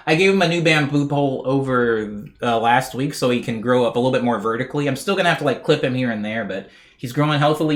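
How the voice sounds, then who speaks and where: Chatty male streamer reading chat. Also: mid-range voice. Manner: relaxed, chatty, reads chat aloud with small laughs. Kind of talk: casual live-stream chat.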